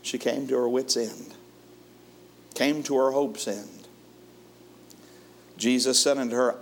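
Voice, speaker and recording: A man preaching a sermon in a folksy way, chuckling often and moving between lively and hushed delivery. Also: mid-range voice, slow, long pauses, a little hiss or hum.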